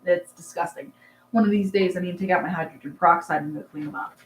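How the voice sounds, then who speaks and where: A woman's voice: on the low side, fast, reverberant, slight background noise, rough recording. A young woman hosting a casual livestream, chatting and answering comments in a rambling, filler-heavy way. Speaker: livestream host, rabbit breeder. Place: dark barn at night.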